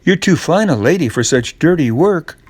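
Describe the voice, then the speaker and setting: A man reading a storybook, voicing young Jack as a polite, bright boy in disguise. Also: fairly high pitch, expressive, moderate pace, husky, dry recording, voice pushed up.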